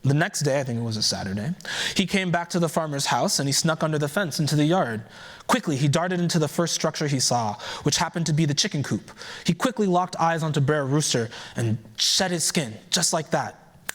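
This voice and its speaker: A man's voice: a little high, brisk. Man telling a folktale with casual asides. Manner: relaxed, conversational asides. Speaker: keynote speaker. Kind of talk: oral storytelling.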